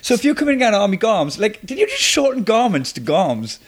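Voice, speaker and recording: A man in his thirties co-hosting a podcast, ranting in an animated, sweary way during casual chat. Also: very high-pitched, a little fast, slightly rough. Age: 30s.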